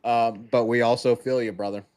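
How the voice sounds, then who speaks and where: A man's voice: medium pitch, steady tone, moderate pace, a little mellow, smooth. A young man co-hosting a casual sports podcast, laid-back with lots of fillers as he reads out viewer comments. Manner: laid-back, lots of ums and uhs, reading out chat. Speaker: co-host.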